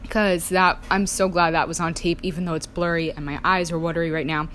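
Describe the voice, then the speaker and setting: Young woman, casual storyteller, filler-heavy, low-pitched, slight background hum. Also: flat delivery, a little fast, a bit bright. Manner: chatty, many "like" fillers, acts out quoted voices. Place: indoors, sipping coffee while talking.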